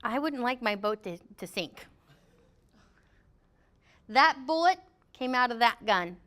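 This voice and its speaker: A woman's voice: on the high side, lively intonation, slow pace, fairly bright tone, clear, resonant tone. A middle-aged woman teaching a workplace safety class in a joking way, acting out what people say in funny voices. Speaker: safety trainer. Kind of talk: classroom training talk.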